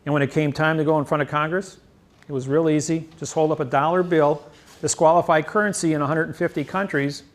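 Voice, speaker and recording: A man's voice: fairly high pitch, steady tone, fairly quick. A man lecturing on grammar, rambling emphatically and boasting about himself. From United States. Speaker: seminar lecturer.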